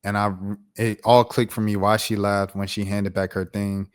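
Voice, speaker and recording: A man around thirty telling a personal story on his vlog in a casual, slangy, animated way. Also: fairly low pitch, normal speed, smooth. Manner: animated, slangy, acts out voices. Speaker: YouTuber.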